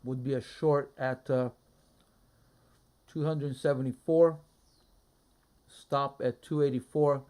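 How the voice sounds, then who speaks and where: A man streaming a live trading session, muttering his thoughts aloud in a low-key, halting way. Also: fairly even intonation, a little mellow. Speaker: day trader streaming a live trading room. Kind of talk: casual live market commentary.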